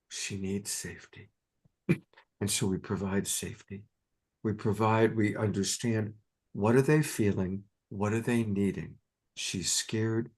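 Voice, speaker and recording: A woman hosting a spiritual conversation, telling an animated coaching story. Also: extremely low pitch, breathy edge. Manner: animated storytelling, acting out a child's fear. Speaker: host.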